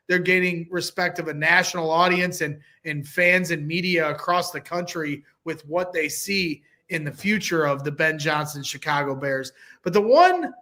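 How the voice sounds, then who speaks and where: A man's voice: fairly high pitch, bright, forceful tone. A man appearing as a guest on a sports podcast, talking football in an emphatic, speech-like way. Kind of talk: casual sports talk.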